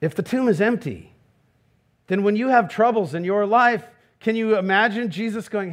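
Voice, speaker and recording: A pastor preaching a sermon, dropping soft and low for quoted words, then rising high and excited with rhetorical questions, laughing at his own jokes. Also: normal speed.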